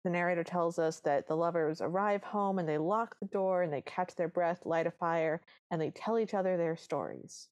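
A woman's voice: on the low side, moderate pace, hardly any pauses, darkish tone. A woman co-hosting a podcast, chatting enthusiastically about a film with plenty of "like"s. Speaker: podcast co-host. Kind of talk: casual chat recapping a film.

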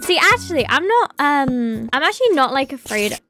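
A British woman streaming a video game, chatting excitedly, laughing and squealing often. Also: high voice, normal speed, faint music behind. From Britain. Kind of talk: gaming commentary.

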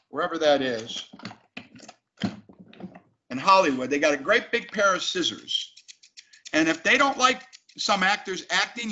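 A man's voice: high-pitched, sharp tone. A man, an actor, talking emphatically and animatedly as an interview guest. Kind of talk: casual interview talk. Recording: dull lo-fi sound.

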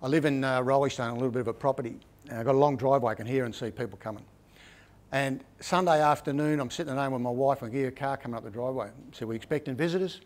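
A man's voice: mid-range voice, racing. A middle-aged man with an Australian accent, giving a casual, rambling book talk that is full of stories and tags like "right?". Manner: chatty, repeats "right?" often, rambling with restarts. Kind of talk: casual storytelling presentation.

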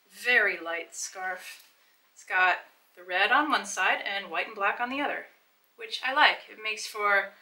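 A middle-aged woman hosts a casual try-on vlog, chatting enthusiastically as she explains and shows things to the viewer. Her voice is medium-pitched, bright and forceful, heard on a rough recording.

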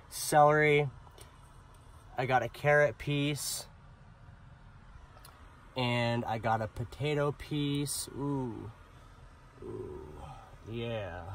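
A man's voice: medium pitch, slight background noise. A young man filming a casual cooking vlog in his camper van, chatting to viewers with enthusiasm. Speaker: van life vlogger.

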